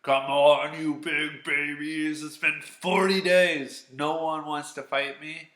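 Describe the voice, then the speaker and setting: A man voicing a boastful, taunting giant warrior who scoffs at his foes in a loud, raised voice. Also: on the high side, level tone, slow pace, reverberant, voice pushed up. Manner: mocking, scornful, raised voice.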